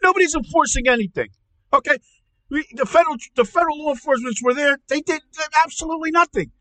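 Man playing an angry uncle, very high voice, piercing and tense, profane stammering rant. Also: quick pace, pushed and bright, dry recording, rough recording. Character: loud ranting angry middle-aged uncle. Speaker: comedy podcast character.

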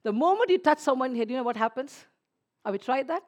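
High, lively-voiced woman preaching. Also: fast talker. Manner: dramatic swings from hushed to loud exclamations. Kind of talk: sermon.

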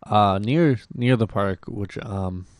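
A man's voice: on the low side, takes it slowly, no room sound, clean studio sound. A young Canadian man hosting a podcast, rambling through a casual story with many restarts and acted-out quotes. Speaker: podcast host.

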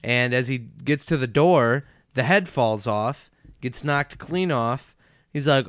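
A man hosting a podcast, recapping a cartoon episode in relaxed, chatty talk and acting out quotes. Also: mid-range voice, slow pace, smooth, no echo, studio quality. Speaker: podcast host.

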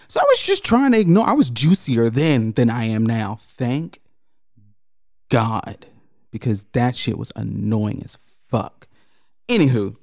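A man co-hosting a podcast, telling a story in casual chat, animated and profane, jumping into high mocking quotes. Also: no room sound, studio quality.

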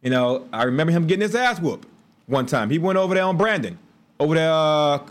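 A man's voice: a little high, fairly quick. A man, telling stories casually on a livestream with laughs and asides. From Chicago. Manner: animated storytelling with laughs and asides. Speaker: livestream host.

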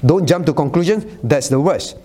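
A male pastor preaching a sermon, originally a Cantonese speaker, talking in a teasing, animated way and often checking in with his listeners. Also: on the high side, normal speed. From Cantonese-speaking Chinese community. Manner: animated, teasing asides with frequent "all right?" check-ins.

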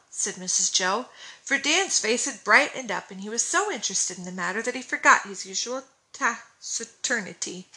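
A woman reading a classic novel aloud, who pauses now and then to comment on the text. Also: on the high side, expressive, bright, forceful tone, poor audio. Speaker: audiobook reader.

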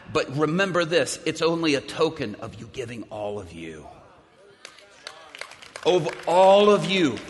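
Man, preacher, sermon storytelling, dramatic, hushed near-whisper moments, long hall reverb. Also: medium pitch. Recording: echoey hall.

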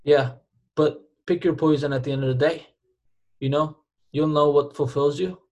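A man's voice: a little high, steady tone, moderate pace, a little mellow, muffled recording. A man co-hosting a podcast in casual chat, emphatic and repetitive, dropping slang like dude and bro. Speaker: podcast co-host.

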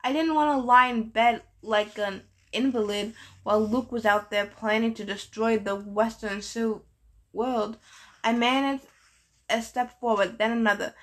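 A woman's voice: fairly high pitch, a little slow. Woman reading an audiobook aloud. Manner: steady first-person storytelling. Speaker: narrator.

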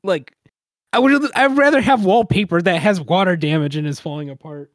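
A young man talks at a podcast mic, his fairly high voice sitting close and dry with no room around it. He rants in loose, animated chat, tripping over restarts as he gets worked up. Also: fairly quick, dry recording. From United States. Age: young adult. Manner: animated ranting, many restarts. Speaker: podcast co-host. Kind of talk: casual chat.

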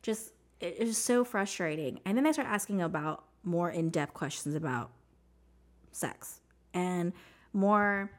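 Lively low-voiced woman telling her story. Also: a little slow. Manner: animated, says "like" a lot, acts out what others said. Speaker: interview guest. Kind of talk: personal storytelling in casual conversation.

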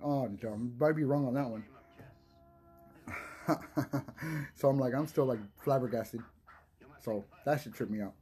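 A man's voice: medium pitch, measured pace, pauses often. A young man hosting a casual solo podcast, rambling with lots of swearing, laughs and restarted words. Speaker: podcast host.

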